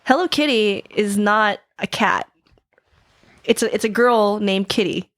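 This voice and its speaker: A woman's voice: mid-range voice, unhurried, a bit bright, no echo, studio quality. A woman guest chatting playfully on a podcast, giggling often. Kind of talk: casual podcast chat. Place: studio.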